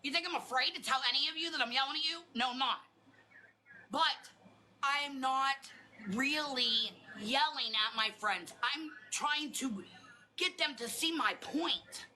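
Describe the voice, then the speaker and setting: Loud, blunt woman ranting live. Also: sits high, unhurried, slight background noise, poor audio. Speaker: livestream host. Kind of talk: heated livestream rant.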